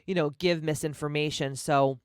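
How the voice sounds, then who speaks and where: A woman's voice: low-pitched, fairly even intonation, normal speed, clean tone, no echo, clean studio sound. A woman in her forties hosting her own podcast, speaking candidly and emphatically, swearing freely. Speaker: podcast host. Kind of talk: candid personal podcast monologue.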